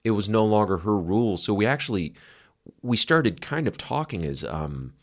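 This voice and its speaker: A man's voice: on the low side, expressive, moderate pace. A man co-hosting a podcast, talking candidly and reflectively about his past, swearing casually. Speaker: podcast co-host. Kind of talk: candid conversational chat.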